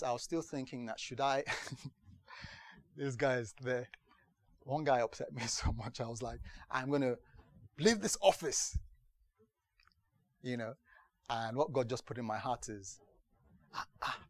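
A man's voice: mid-range voice, no room sound. A man preaching as pastor, telling stories from his own life in a sermon and often asking whether listeners follow him. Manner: storytelling, repeats "do you understand". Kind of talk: sermon testimony.

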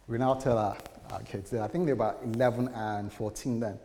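A man preaching as a pastor, telling a personal story with lively acted quotes. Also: medium pitch, a little fast, hardly any pauses, slight background noise. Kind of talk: sermon. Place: church. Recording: church hall reverb, faint ambience.

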